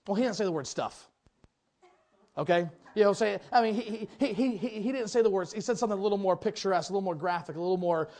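A male pastor delivering a sermon with a notably high, light voice. He tells stories with lively swings in pitch and loudness and sinks into a low, earnest hush when he presses his point home. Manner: animated storytelling with big swings in pitch and loudness; drops to a low, quiet, earnest tone for exhortation.

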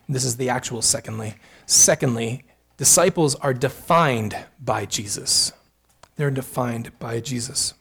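A male pastor preaching a sermon with earnest emphasis, rising on key points and adding quick asides to the congregation. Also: a little high, slightly rough.

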